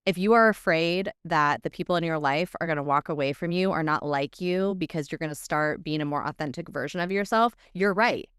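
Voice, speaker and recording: A woman co-hosting a podcast, speaking in a measured, reflective, coach-like way. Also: sits low, a bit bright, clear, resonant tone, no echo, clean studio sound. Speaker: podcast co-host. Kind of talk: casual podcast chat.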